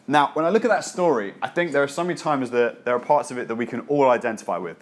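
A man's voice: medium pitch, animated, quick pace, few pauses. A man preaching a sermon as a pastor, reading scripture and then talking in a casual, joking, conversational way.

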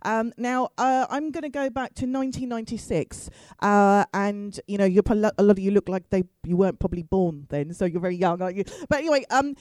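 A woman's voice: medium pitch, brisk, few pauses, a little mellow, no room sound, rough recording. A middle-aged woman telling a comic story to an audience, chatty and self-mocking with asides to the crowd. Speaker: storyteller on stage.

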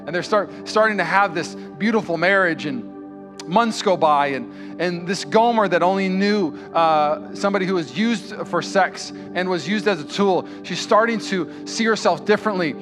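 A man's voice: high-pitched, moderate pace, music in the background. A man preaching a sermon as pastor, telling a story with the characters' dialogue acted out. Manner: storytelling preacher who acts out dialogue and builds to impassioned, raised delivery. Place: church.

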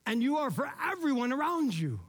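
A man preaching a sermon as a pastor, in a casual, conversational way, peppering his talk with "man" and "all right?" and swinging between loud emphatic bursts and quiet asides. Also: very high voice, very animated, fairly quick.

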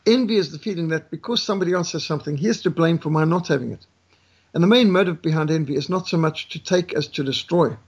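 Husky-voiced man lecturing emphatically. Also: a little high, quick pace. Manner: emphatic, repetitive, preacher-like cadence. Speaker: guest speaker, missionary. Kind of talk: lecturing with anecdotes and jokes.

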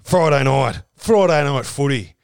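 A man's voice: mid-range voice, lively intonation, unhurried, clear, resonant tone, no echo, clean studio sound. An Australian man co-hosting a podcast, running through football tips in blunt, sweary, laid-back chat. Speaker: podcast co-host. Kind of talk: casual sports chat.

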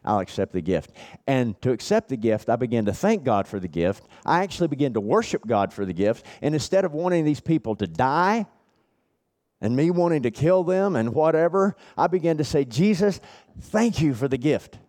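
A middle-aged man preaching at a men's retreat, telling a personal story with earnest repetition, dropping his voice low and then building it back up. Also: very animated, a little fast, darkish tone. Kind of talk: sermon.

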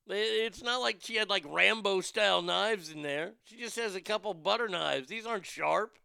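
A man's voice: high voice, normal speed, creaky, sharp tone, clean tone, dry recording, clean studio sound. A man hosting a podcast, reading odd news stories and ranting about them with crude, profane, mocking outrage. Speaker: podcast host. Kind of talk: crude comedic news rant.

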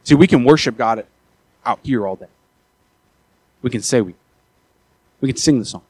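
A man preaching a sermon, often repeating and restarting his words, who rises from quiet talk to loud, urgent appeals. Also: mid-range voice, expressive, moderate pace, breathy edge, no echo. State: out of breath after the peak.

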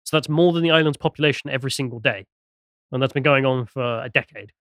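A man co-hosting a political podcast, presenting a news item in a quick, sardonic way and reading out posts with asides. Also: medium pitch, a bit bright, no echo, clean studio sound. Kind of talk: casual political podcast chat.

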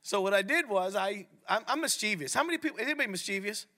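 A middle-aged man preaching a sermon at a men's ministry, animated and often asking the audience questions. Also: high-pitched, quick pace. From Italian heritage. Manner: animated, asks the crowd questions.

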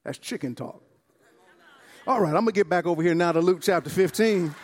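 A man's voice: sits high, animated, fairly quick, big-room sound. A man preaching a sermon to a church congregation, exuberant and calling out to them. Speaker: pastor. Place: church service.

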